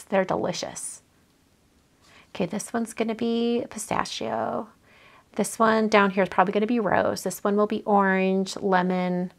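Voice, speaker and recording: A chatty, gushing woman with vocal fry and a medium pitch hosts a card-making livestream, casually chatting as she opens her mail and thinking aloud with many fillers.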